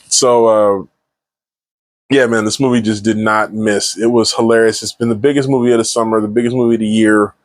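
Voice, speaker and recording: An excited man talks through a movie review in a loose, rambling way, circling back and restarting sentences. His voice sits at an everyday middle pitch. The sound is dry and close. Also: dry recording. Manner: enthusiastic, rambling with frequent restarts. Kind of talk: casual solo movie review.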